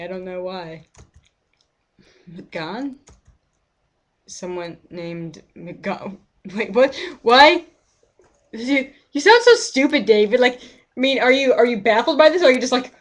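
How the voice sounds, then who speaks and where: A woman's voice: mid-range voice, animated, measured pace, pauses often. A woman streaming a game, giving rambling, chatty commentary and often cutting herself off mid-word. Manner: rambling, chatty, self-interrupting. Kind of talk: casual let's-play commentary.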